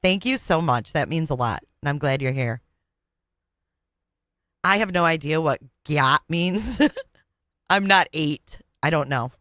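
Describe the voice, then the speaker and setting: Low woman, livestream host, slow playful delivery, swoopy pitch. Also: animated, fairly bright tone, dry recording, studio quality. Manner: amused, playful, thanks viewers. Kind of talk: live reaction stream, reading chat.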